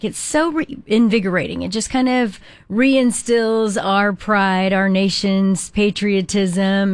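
A woman's voice: medium pitch, no echo. A woman hosting a live morning show, chatty and upbeat as she introduces clips. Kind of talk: live broadcast chat.

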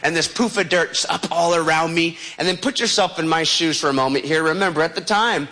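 Man, storyteller, fairly high forceful voice, animated and vivid delivery. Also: fairly quick. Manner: vivid, dramatic, adds sound effects.

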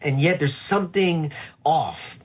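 Husky-voiced man, earnest pastor. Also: on the high side. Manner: earnest, measured, often slows to stress a point. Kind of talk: reflective conversational interview.

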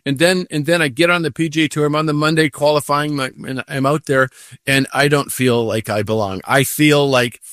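Older man telling animated stories. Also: fairly high pitch, fairly quick, no room sound, clean studio sound. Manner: animated storytelling with acted-out inner voices. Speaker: guest, professional golfer. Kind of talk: casual storytelling.

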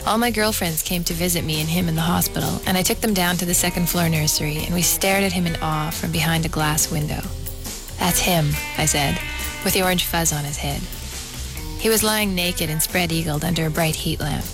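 A woman in her thirties reading her own personal essay about her son in a measured, wry storytelling voice. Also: lowish voice. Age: 30s.

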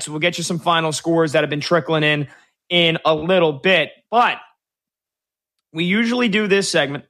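A man hosting sports talk radio, chatty and joking, quick to slip into impressions. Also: on the high side, a bit bright.

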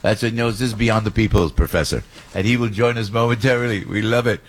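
A man's voice: lowish voice, fast talker. A man hosting a morning radio talk show, telling stories animatedly and laughing often.

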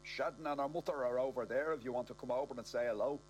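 A man's voice: mid-range voice, fast talker, dull audio, a little hiss or hum, natural voice. A man voicing a cheery working-class older man with a Dublin accent, eager to please.

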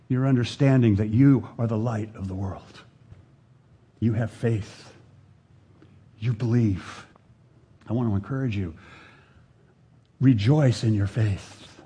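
A man preaching a sermon in an earnest, unhurried way, pausing often and dropping to a quiet voice for emphasis. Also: medium pitch, slightly rough.

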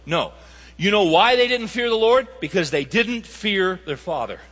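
A man's voice: high-pitched, expressive, moderate pace, a bit bright. A man preaching a sermon, emphatic and asking the audience rhetorical questions. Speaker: pastor. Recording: reverberant hall sound.

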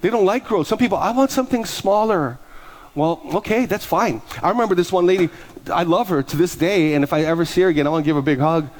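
A middle-aged pastor preaches from the pulpit, slipping into the voices of the people in his stories. His voice sits a touch higher than most men's. He is animated and laughs along with his own anecdotes. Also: fast. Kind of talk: sermon storytelling.

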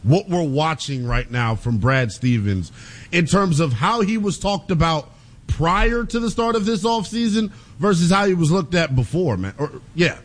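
A man co-hosting a sports talk radio show, giving quick, animated opinions with easy laughs. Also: a little high.

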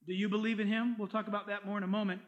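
A male pastor preaching a sermon, animated and emphatic, quoting scripture and joking along the way. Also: high voice, rapid-fire, muffled recording.

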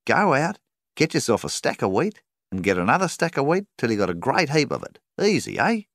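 A man's voice: low-pitched, big pitch swings, moderate pace, creaky, no echo, studio quality, voice pushed up, exaggerated voice. A man voicing a polite, evasive male bank manager who talks apologetically and persuasively.

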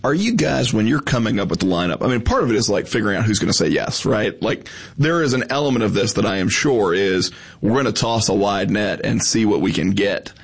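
Male host, husky voice, thoughtful interviewer in casual chat. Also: fairly low pitch, animated, fairly quick. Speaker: podcast host.

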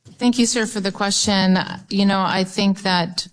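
A woman's voice: mid-range voice, steady tone, measured pace, rough recording. A woman testifying as a museum official at a hearing, with careful, sing-song answers.

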